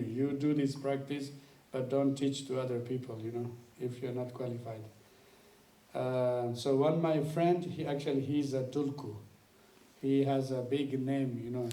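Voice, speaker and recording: A man's voice: medium pitch, mellow. A man giving a talk as a guest teacher, telling a personal anecdote and laughing often as he goes. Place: lecture room. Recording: roomy hall, mic at a distance.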